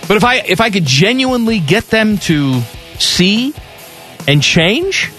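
A man's voice: sits high, sing-song, unhurried, sharp tone, soft background music. Blunt, grumbling male radio co-host. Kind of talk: casual sports radio banter.

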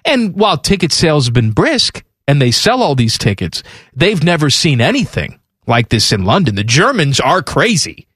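A man's voice: on the high side, sing-song, moderate pace, a bit bright, slightly rough, no room sound, clean studio sound. Wry male sports talk co-host. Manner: wry, reads news items aloud.

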